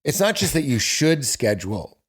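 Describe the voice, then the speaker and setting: A man's voice: mid-range voice, moderate pace, breathy edge. A man, a comedian chatting as a guest on a podcast and acting out quotes as he tells stories. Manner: animated storytelling with acted-out quotes. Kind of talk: casual podcast conversation.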